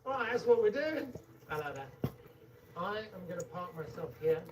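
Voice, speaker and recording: A high-voiced man piles on flamboyant mock praise, his delivery gushing and theatrical. He sits a little away from the mic, so the sound is slightly distant. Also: big pitch swings, normal speed, noisy background. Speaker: comedic host. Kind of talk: comic banter greeting guests.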